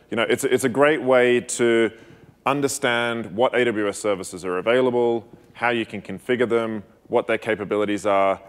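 A man with an Australian accent co-presenting a technical conference talk, explaining in a measured way. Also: on the low side.

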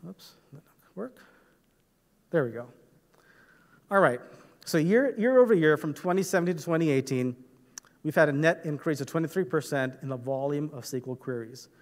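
A man with a slightly raised voice gives a technical presentation in a large hall, and his words carry a long reverb tail. He explains step by step, often pausing on "uh" and checking in with "right?". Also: a little high, expressive. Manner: explanatory, frequent "right?" and "uh" fillers. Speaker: conference presenter. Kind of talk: technical conference talk.

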